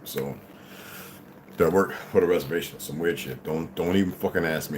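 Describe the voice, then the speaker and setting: A man's voice: extremely low pitch, normal speed, a little hiss or hum. A tired man chatting casually and profanely on a livestream, greeting viewers as they arrive. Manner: laid-back, profane, rambling, greets viewers as "beloved". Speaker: livestream host.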